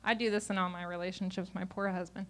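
A woman's voice: fairly low pitch, flat delivery, fast, a bit bright. A woman speaking to a group of parents in a live class, candid and self-mocking and often laughing.

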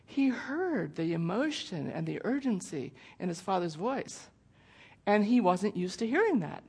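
A woman's voice: medium pitch, sing-song, measured pace, darkish tone, husky. A middle-aged woman giving a parenting presentation in a conversational way, intense without raising her voice. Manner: conversational, acts out quoted voices. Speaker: parenting speaker. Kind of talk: presentation talk with slides.

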